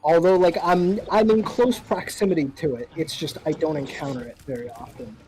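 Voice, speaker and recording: A speaker from Kentucky chatting casually, pausing often and restarting sentences. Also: mid-range voice, fairly even intonation, a little mellow, faint music behind, rough recording. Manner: hesitant, many restarts. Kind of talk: casual chat.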